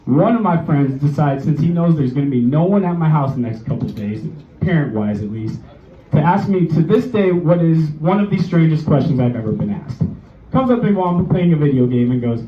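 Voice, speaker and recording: On a small bar stage, a twenty-something comic loosely spins a profane story, cracking himself up as he goes, in an expressive, fairly quick, higher-pitched voice. The recording sounds roomy, distant and dull, and the crowd reacts throughout.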